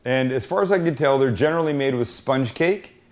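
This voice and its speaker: A man's voice: mid-range voice, a little fast, a little mellow. A man hosting a cooking show, chatting and joking with guests while he works out a recipe aloud. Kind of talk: casual cooking chat.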